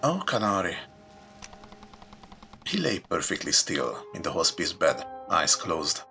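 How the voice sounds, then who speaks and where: Deep, gravelly let's play narrator. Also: male voice, expressive, unhurried, over music. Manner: dramatic reading with dry asides. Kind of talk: reading a visual novel aloud with commentary.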